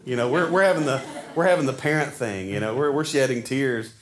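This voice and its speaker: A pastor from Arkansas preaches to his church in the sanctuary, speaking briskly in a mid-range voice. His style is folksy and conversational, with frequent restarts.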